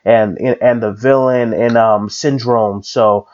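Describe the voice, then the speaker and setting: A man's voice: mid-range voice, steady tone, slow pace, a little mellow, muffled recording. A man hosting a podcast in casual chat, rambling with many fillers and restarts. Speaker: podcast host.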